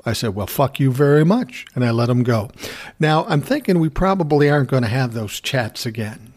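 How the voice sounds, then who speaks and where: A man's voice: medium pitch, expressive, normal speed, darkish tone. Guy ranting about some encounter, sarcastic and swearing a lot, regular mid voice. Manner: profane, sarcastic storytelling. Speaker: commentary host. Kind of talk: casual ranting monologue.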